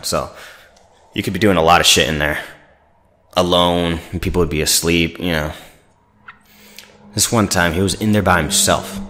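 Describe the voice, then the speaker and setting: Young dude podcast host, low voice, cussing and rambling, does little voices for people in his stories. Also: a bit bright. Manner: profane, rambling, acts out quoted voices. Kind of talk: casual storytelling rant.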